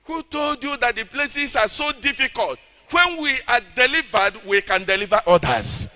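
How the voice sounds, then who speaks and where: Nigerian pastor guy preaching, high voice, goes from shouting to low and intense, keeps calling for amens. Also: lively intonation, normal speed, faint music behind. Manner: fervent, swings between loud shouting and low intense speech, calls for audience response. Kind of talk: sermon.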